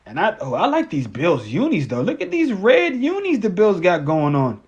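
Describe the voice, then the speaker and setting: A man's voice: high-pitched, wildly swooping pitch, moderate pace, darkish tone, husky, highs cut off. A man hosting a casual post-game sports live stream, rambling and cursing, often stammering and restarting words.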